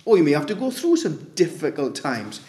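A man's voice: on the high side, wildly swooping pitch, fairly quick, warm tone. A man preaching a sermon in a conversational way, asking his listeners rhetorical questions. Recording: echoey room.

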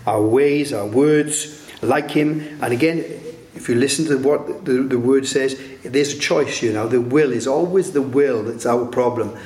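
A man's voice: medium pitch, a little slow, darkish tone, a little hiss or hum. A man preaching a sermon in a conversational way, often turning points into rhetorical questions. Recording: roomy echo.

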